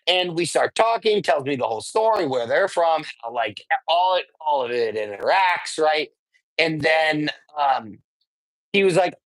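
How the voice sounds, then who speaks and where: A male host tells a story at an unhurried pace, his pitch swinging up and down freely. He rambles in a casual, chatty way and keeps tossing in "right?". The recording is dry and close. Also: animated, fairly bright tone, no room sound, poor audio. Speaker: host of a sports card show. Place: sports memorabilia shop.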